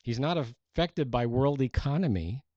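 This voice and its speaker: Earnest male preacher, dark mellow voice. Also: mid-range voice, lively intonation, a little slow, dry recording, lo-fi sound. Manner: earnest, emphatic preaching with scripture readings. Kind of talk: sermon.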